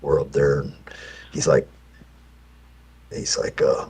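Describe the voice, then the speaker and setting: A man in his fifties, in prison, telling a long personal story in an unhurried, rambling way with many fillers. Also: extremely low pitch, completely flat delivery, darkish tone, husky. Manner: unhurried, full of fillers and restarts.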